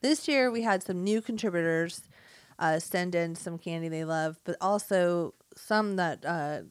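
A woman's voice: lowish voice, unhurried, smooth, no echo. A woman co-hosting a podcast, talking casually and bluntly, laughing often and swearing in fun. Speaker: podcast co-host. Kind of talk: casual chat.

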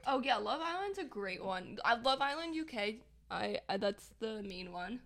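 A woman's voice: a little high, sing-song, normal speed, a bit bright. A young woman co-hosting a casual podcast, chatty and giggly, often trailing off mid-sentence. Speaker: podcast co-host. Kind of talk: casual chat.

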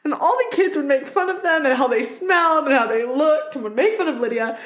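A woman in her twenties co-hosting a casual podcast, playful with drawn-out comic asides. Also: high voice, echoey room. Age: 20s. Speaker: podcast co-host. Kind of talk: casual chat.

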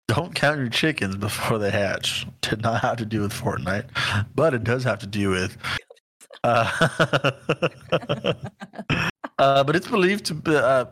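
A man's voice: medium pitch, fairly bright tone. A man in his twenties co-hosting a casual podcast chat about sayings, joking around and stumbling over his words. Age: 20s. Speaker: podcast co-host.

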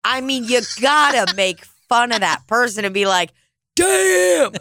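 A woman's voice: a little high, normal speed, bright, forceful tone, slight background noise. Laughing, crude woman in casual chat. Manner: crude, laughing often, acting out silly voices.

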